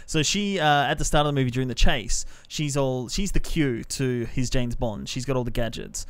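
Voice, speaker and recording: A man co-hosting a podcast, chatting casually about a film and acting out scenes in quick quoted voices. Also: medium pitch, no room sound. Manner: animated, retells scenes in acted-out quotes. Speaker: podcast co-host.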